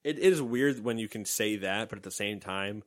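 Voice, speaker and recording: A deep-voiced man co-hosting a casual podcast, telling stories animatedly, acting out quotes and laughing often. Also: moderate pace. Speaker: podcast co-host.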